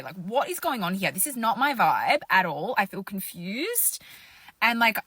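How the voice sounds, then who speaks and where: A young woman casually telling a dating storytime, animated and exasperated, with loud outbursts and confiding asides. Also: fairly high pitch, husky, no echo.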